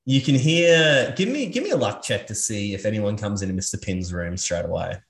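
Guy running a tabletop game, relaxed and chatty, echoey room. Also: on the low side, normal speed, vocal fry, very noisy. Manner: casual, laughing, lots of uh fillers. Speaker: game master.

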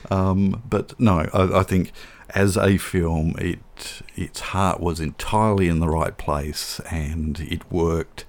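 A man with a very deep, low voice co-hosts a film podcast. He chats casually and pokes fun at himself, restarting and repeating words as he goes. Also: steady tone, slow, few pauses. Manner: chatty, self-deprecating, repeats words. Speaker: podcast co-host.

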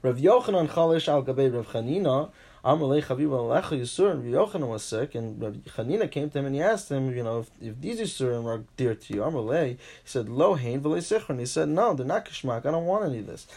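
A man teaching a Talmud class, reading each line and paraphrasing it in English, animated, with frequent restarts. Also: quick pace, creaky, slightly rough. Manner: animated, pitch jumps for emphasis.

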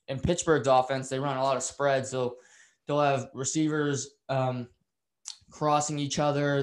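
A man giving an unscripted, opinionated recap of a football game, rambling with fillers and restarts and getting heated over calls he dislikes. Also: mid-range voice. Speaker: football commentator.

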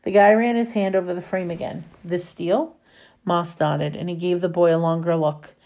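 A woman reading a novel chapter aloud in a steady storytelling manner. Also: on the low side, a little fast. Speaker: reader.

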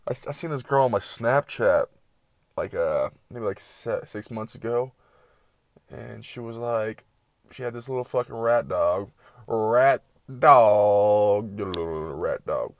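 A man's voice: mid-range voice, expressive, measured pace, gravelly, dry recording. A young man telling rambling, profane stories in a slangy, casual late-night monologue full of tangents.

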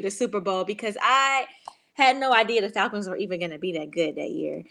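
A woman's voice: medium pitch, a little fast. Chatty young woman telling stories. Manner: chatty, excited storytelling with many fillers. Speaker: guest, former pro cheerleader. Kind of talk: casual podcast interview.

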